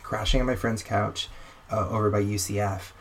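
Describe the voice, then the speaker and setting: Lower-voiced young man telling a wry story. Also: moderate pace. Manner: animated, wry storyteller who acts out quoted exchanges. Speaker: guest telling a personal story. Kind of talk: casual conversational storytelling.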